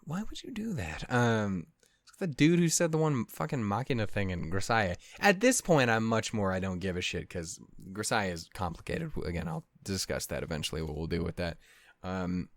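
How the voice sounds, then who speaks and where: A man's voice: low-pitched, normal speed, dry recording. A man hosting an anime reaction channel, chatting casually to viewers in a rambling, self-deprecating way. He swears a lot and keeps getting sidetracked. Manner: easily sidetracked, loses his train of thought. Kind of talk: casual wrap-up chat to viewers.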